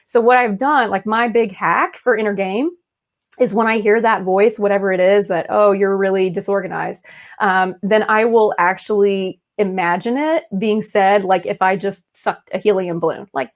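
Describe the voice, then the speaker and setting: A woman in her thirties co-hosting a podcast in casual chat, talking freely and laughing often. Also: normal speed. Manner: chatty, laughs often, puts on squeaky voices to make a point. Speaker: podcast co-host.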